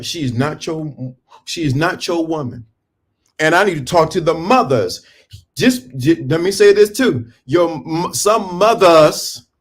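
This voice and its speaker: A middle-aged man giving a preachy, emphatic talk to viewers on a livestream, breaking off and restarting while he dresses. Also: on the high side. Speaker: livestream host. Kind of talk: casual motivational livestream talk. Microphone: phone or camera on a stand.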